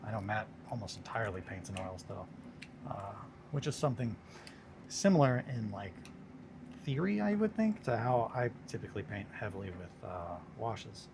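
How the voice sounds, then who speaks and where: A man's voice: lowish voice, big pitch swings, moderate pace, creaky, noisy background. A tired man in a casual, rambling chat while painting miniatures on a stream. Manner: rambling, laid-back, talks to himself and his pets.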